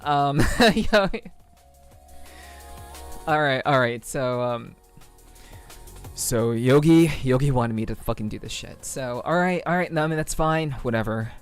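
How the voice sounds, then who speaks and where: A woman streamer chatting casually with her viewers, relaxed and rambling, with frequent ums and soft laughs. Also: rumbling low, unhurried, pauses often, clean tone, soft background music. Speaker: VTuber streamer. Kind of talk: casual livestream chat with viewers.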